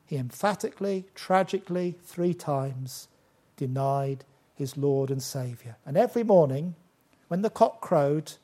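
Emphatic older male preacher, warm voice. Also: a little high. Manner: emphatic, with slow deliberate stresses. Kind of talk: sermon.

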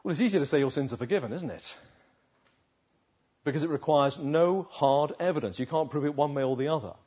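A man's voice: a little high, lively intonation, a little fast, warm tone, slightly rough, muffled recording. A man preaching a sermon on a Bible passage, retelling it vividly and asking the listeners rhetorical questions.

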